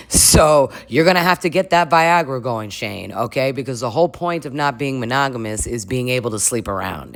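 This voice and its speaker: A woman riffs through comedic reaction commentary in a strikingly deep, low voice. She is chatty and crude, laughing at her own jokes. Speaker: commentary vlogger.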